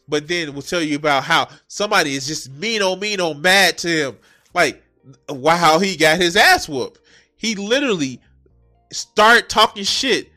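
A man mocking a clip in a profane, animated reaction commentary, cursing and laughing at the speaker. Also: on the high side. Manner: mocking, animated, swears heavily.

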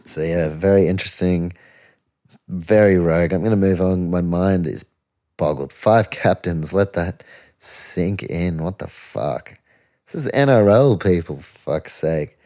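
A young man hosts a casual sports podcast, ranting in loose, incredulous bursts and swearing freely. His voice sits deep, with a dark, mellow tone. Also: measured pace. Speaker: podcast host.

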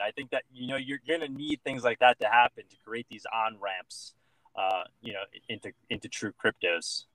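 A man's voice: mid-range voice, moderate pace, a bit bright, dry recording, rough recording. A man talking as an interview guest, earnestly making his case with many fillers and repeated words. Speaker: guest, political candidate. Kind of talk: casual interview chat.

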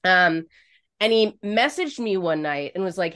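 A woman's voice: on the low side, a little slow, smooth. A woman co-hosting a podcast, telling a frank, crude story in casual chat, swearing freely. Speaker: podcast co-host.

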